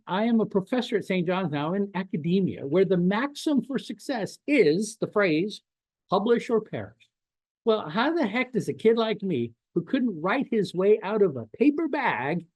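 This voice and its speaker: A man giving a lecture to teachers as a professor, animated and full of rhetorical questions. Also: high voice, no echo.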